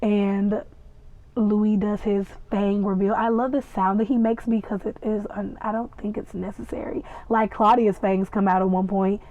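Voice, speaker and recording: A woman's voice: mid-range voice, steady tone, moderate pace, dry recording. A woman hosting a podcast, recapping and reacting to a TV episode in a gushing, chatty way with playful asides. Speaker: podcast host reviewing a TV episode. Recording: tinny phone-like sound, dry.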